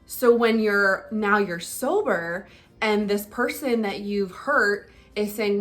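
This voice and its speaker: A woman's voice: fairly high pitch, slow, soft background music. Candid woman vlogging, chatty, filler-heavy. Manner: candid, conversational, many fillers like "like" and "um". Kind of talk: casual personal vlog talk.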